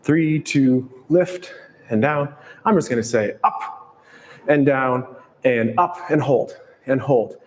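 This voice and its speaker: Guy calmly counting thru barre exercises, echoey studio sound. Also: medium pitch, slow pace. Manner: calm, steady cueing with counts. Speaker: fitness instructor. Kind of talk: follow-along workout cueing.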